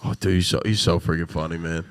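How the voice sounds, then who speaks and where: A young man hosting a podcast, chatting casually, excitable and swearing freely. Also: low voice, fast talker, clean tone, dry recording, studio quality. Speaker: podcast host. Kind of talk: casual chat.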